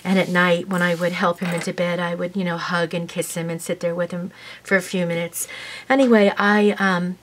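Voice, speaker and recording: A woman's voice: on the low side, little pitch movement, normal speed. A woman vlogger telling a heartfelt personal story to her viewers in a casual, rambling way, with many fillers and an emotional, sometimes tearful tone. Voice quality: warm, emotional, tearful at times.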